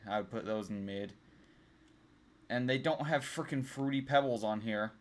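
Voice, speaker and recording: A man's voice: medium pitch, normal speed. A young man talking casually as he ranks things, rambling with many ums and restarts. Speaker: vlogger. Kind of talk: casual tier-list ranking chat.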